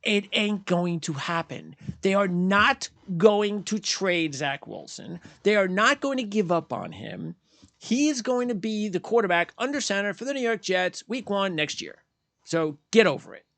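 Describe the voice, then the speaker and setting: A man's voice: high-pitched, animated, a little slow, fairly bright tone, no echo. A man hosting post-game sports commentary, ranting bluntly and heatedly, repeating his points and mocking fans in quoted voices. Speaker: sports channel host.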